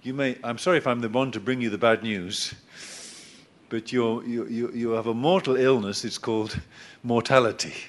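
A middle-aged male preacher giving a sermon, telling the story in an animated way with jokes aimed at the listeners. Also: mid-range voice, normal speed.

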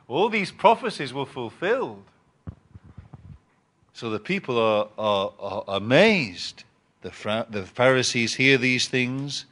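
A man preaching a Bible teaching sermon, reading scripture and explaining it with emphatic rises and pauses. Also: mid-range voice, expressive, fairly bright tone. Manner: reads scripture aloud and repeats words.

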